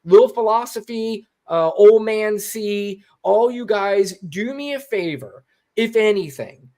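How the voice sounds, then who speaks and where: A man's voice: high voice, lively intonation, slow, a little mellow. A man co-hosting a casual political commentary show, blunt and swearing, reading quotes aloud. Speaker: co-host.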